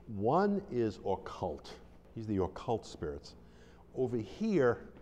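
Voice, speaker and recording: A man with a low voice teaches about deliverance ministry, wandering from story to story. His mellow voice rings with a long reverb, as if he is in a large hall. He acts out the quotes as he tells the stories. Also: a little hiss or hum. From Buffalo, New York. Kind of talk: informal teaching talk.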